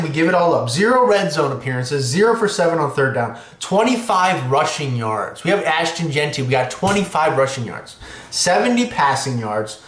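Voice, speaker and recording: A man hosting a sports podcast, ranting excitably and cursing freely. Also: a little high, echoey room. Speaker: podcast host.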